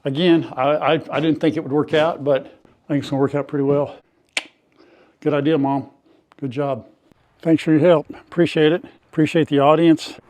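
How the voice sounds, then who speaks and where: A man's voice: on the high side, level tone, moderate pace, a little mellow. An older man narrating casually to viewers as he cleans out an old farm building, in a folksy, chatty way. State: coughing from dust at times. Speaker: farm vlogger. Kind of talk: casual narration while working. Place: old farm outbuilding and yard.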